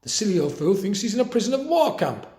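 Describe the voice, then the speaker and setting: A man's voice: high voice, very animated, fast talker, dark tone, pitched above the performer's own voice. A man voicing a scheming female matron of a care home, sugary and sarcastic. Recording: roomy echo.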